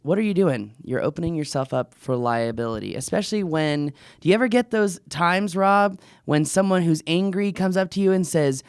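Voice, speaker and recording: A man's voice: on the high side, moderate pace, few pauses, clean tone, no room sound, studio quality. A man hosting a podcast in casual, jokey, upbeat chat. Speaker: podcast host.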